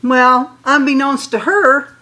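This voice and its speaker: Older woman, animated storyteller, laughs often, higher voice, plays both sides of a dialogue. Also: slow pace, rough recording. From Utah. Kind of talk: casual storytelling to an audience.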